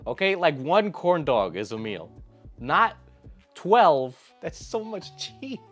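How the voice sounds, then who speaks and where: A man's voice: fairly high pitch, wildly swooping pitch, measured pace, soft background music. A young man giving comedic reaction commentary in an exasperated, sarcastic, ranting manner. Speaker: YouTube commentator.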